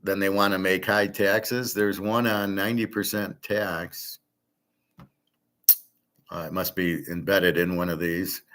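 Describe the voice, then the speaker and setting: A blunt man hosting a casual commentary show. His voice sits somewhat low, and he rants freely, cursing as he makes his points. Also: steady tone, a little slow, fairly bright tone. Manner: blunt, ranting, swears freely. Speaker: host.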